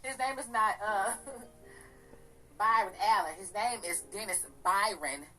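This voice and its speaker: A woman with a slightly raspy, deep voice, hosting a gossip channel and ranting bluntly with profanity. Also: slow, sharp tone, poor audio. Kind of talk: casual commentary.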